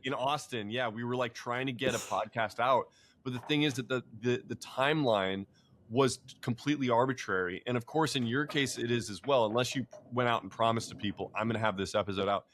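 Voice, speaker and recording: A man's voice: mid-range voice, a little fast, fairly bright tone, slight background noise. A man who is a podcast guest, talking in a reflective, easygoing way in casual chat.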